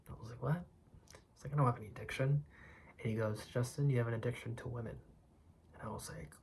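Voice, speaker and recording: Guy in his 30s, slow thoughtful confessional story, flat even voice, drops soft at times. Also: medium pitch. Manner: slow, reflective, drops to a whisper for quoted moments. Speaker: vlogger sharing a personal story.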